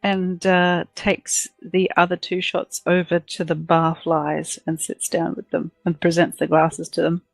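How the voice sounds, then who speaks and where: A woman's voice: on the low side, little pitch movement, unhurried, creaky, few pauses, no room sound, poor audio. Polite woman playing a tabletop game. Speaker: player.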